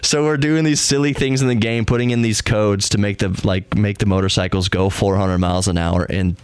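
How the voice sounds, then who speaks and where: A man's voice: on the low side, fairly even intonation, a little fast, clear, resonant tone, dry recording. A man in his thirties hosting a podcast, telling a comic story casually and laughing at himself. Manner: self-deprecating, laughs at his own stories. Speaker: podcast host.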